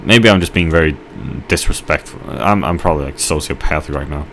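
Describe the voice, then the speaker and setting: Deep-voiced man rambling over gameplay. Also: fairly bright tone, slight background noise. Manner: rambling, halting storytelling with mock outrage. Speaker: gamer. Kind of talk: let's play commentary.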